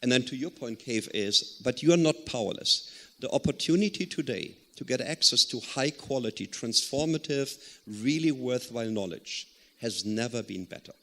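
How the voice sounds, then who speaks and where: A man's voice: mid-range voice, lively intonation, normal speed, a bit bright. A man answering as a panelist, telling a story earnestly with some hesitant fillers. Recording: long hall reverb.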